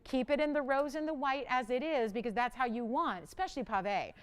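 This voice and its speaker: A woman hosts a live jewelry sales show from a TV studio, chatty and enthusiastic as she pitches rings and greets callers. Her voice sits a little high and comes across smooth and clear. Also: a little fast. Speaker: shopping channel host.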